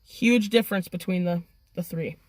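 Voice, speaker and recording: Excitable, foul-mouthed woman telling a story. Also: on the low side, moderate pace, dry recording. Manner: profane and excitable. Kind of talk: casual storytelling.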